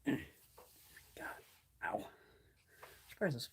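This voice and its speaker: A woman's voice: fairly high pitch, big pitch swings, moderate pace, slight background noise. A middle-aged woman from Connecticut, chatting casually on a live stream from her phone at home, telling rambling, profane stories. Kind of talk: casual chat. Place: home by a wood stove.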